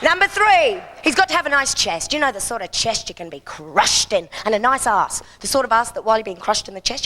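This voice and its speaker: A woman's voice: high-pitched, sharp tone. Brash woman doing bawdy stand-up. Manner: bawdy, brash, punchy delivery. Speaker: stand-up comic. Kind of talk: stand-up comedy routine. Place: outdoor festival stage.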